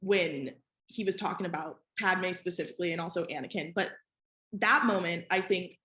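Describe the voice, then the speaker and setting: A woman's voice: fairly low pitch, normal speed, bright, forceful tone, roomy sound. A woman hosting a podcast, chatting casually with many "like" fillers. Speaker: podcast host.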